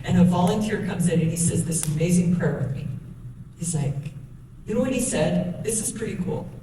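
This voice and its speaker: A woman's voice: fairly low pitch, moderate pace. Woman, middle-aged, emotional storytelling, echoey room, background noise. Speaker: guest speaker. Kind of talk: motivational talk to youth. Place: school hall. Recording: echoey hall from far off, noisy.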